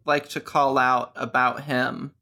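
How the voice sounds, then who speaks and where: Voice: medium pitch, little pitch movement, slow pace, vocal fry, bright, forceful tone. A speaker chatting casually about a movie, making brief, wry remarks. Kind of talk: casual movie review chat.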